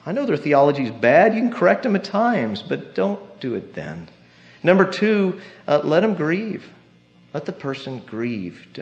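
A man preaching a sermon with animated delivery, acting out quoted voices and dropping from loud lines to hushed ones. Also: mid-range voice, highs cut off. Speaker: pastor.

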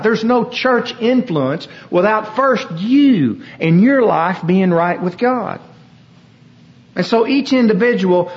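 A man's voice: high voice, highs cut off. A man preaching a sermon as pastor, with an emphatic, repetitive cadence.

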